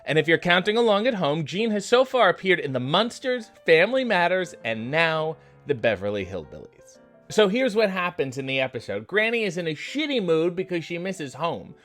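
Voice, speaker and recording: A man hosts a comedy recap, delivering deadpan, profane asides. His pitch swoops in a lively way, and faint music plays under his voice. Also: moderate pace. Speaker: comedy wrestling recap host.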